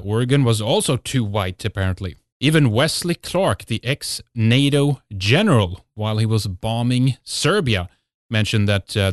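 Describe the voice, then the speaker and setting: A man with a fairly low voice delivers a host's monologue, pressing hard with rhetorical questions. His speech is dry and close, padded with frequent fillers. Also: no echo. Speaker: host. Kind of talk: monologue intro to a talk show.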